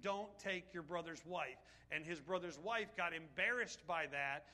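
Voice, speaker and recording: Male pastor, lively sermon delivery, high ringing voice. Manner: animated preaching, reads scripture aloud, asides to the congregation.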